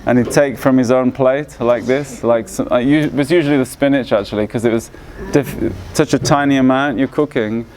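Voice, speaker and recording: A man's voice: mid-range voice, steady tone, fairly quick, few pauses, darkish tone, a little hiss or hum. A man casually telling stories about his teacher, hesitant and often restarting his phrases. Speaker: disciple sharing memories. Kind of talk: casual personal reminiscence.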